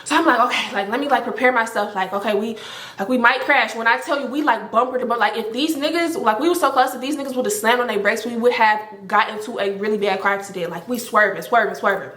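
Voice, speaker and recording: A young woman telling a story to camera in a casual, animated and profane way, with many filler words. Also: on the high side, fast talker. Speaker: storytime vlogger. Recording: roomy echo.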